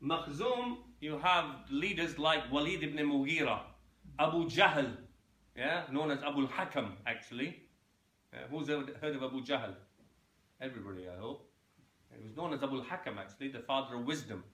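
A man's voice: mid-range voice, a bit bright, reverberant. A man teaching Islamic history as an informal lecture, often stumbling over and repeating words and checking in with his listeners. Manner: halting, repeats words and fillers; checks in with listeners, asking "yeah?".

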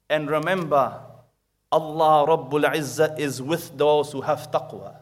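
Guy giving a sermon, storytelling, bit higher voice, gets loud then quiet. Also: fairly even intonation, unhurried. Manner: storytelling with acted quotes and recited Arabic verses; swings from loud emphasis to hushed tender asides. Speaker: preacher.

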